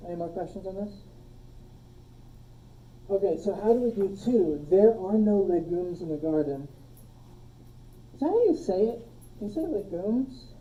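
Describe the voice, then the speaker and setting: A woman teaching a logic class, relaxed, quizzing her students and joking with them, recorded on a phone in a classroom. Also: mid-range voice, moderate pace, long pauses, recorded from a distance, narrow, tinny audio, slight background noise. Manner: relaxed, asks the class questions and jokes. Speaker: logic instructor. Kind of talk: classroom lecture. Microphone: phone streaming the class.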